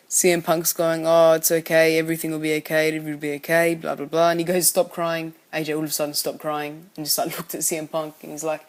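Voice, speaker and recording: A man giving a casual spoken recap of a wrestling show, rambling and often correcting himself as he goes. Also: fairly high pitch. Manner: rambling, frequently self-correcting.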